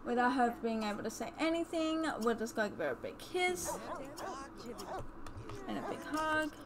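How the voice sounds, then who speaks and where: A young woman chatting excitedly while commentating a life-sim game, gasping and exclaiming often. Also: on the high side, normal speed, noisy background. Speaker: let's play host. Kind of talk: casual gameplay commentary.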